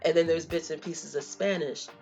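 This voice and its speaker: A woman's voice: sits low, steady tone, moderate pace, a little mellow, lo-fi sound, faint music behind. A young woman from Florida talking casually to her viewers, telling stories and slipping into slang and fillers as she goes. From Florida, USA. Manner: conversational and storytelling, drops in slang and fillers. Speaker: vlogger. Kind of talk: casual talk to camera.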